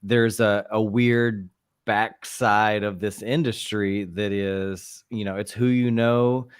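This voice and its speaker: Podcast cohost guy thinking out loud, crisp voice, dead dry room. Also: fairly low pitch, steady tone, slow, dry recording. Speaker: podcast co-host. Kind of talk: casual podcast conversation.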